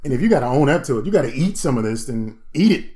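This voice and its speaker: Animated, joking man co-hosting a podcast. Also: mid-range voice, fast talker. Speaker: podcast co-host. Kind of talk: casual chat.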